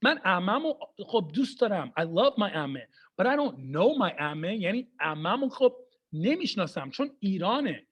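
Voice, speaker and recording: A young man doing stand-up comedy over a video call, telling animated, fast stories and mixing two languages. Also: sits high, breathy edge. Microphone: computer mic for a video call.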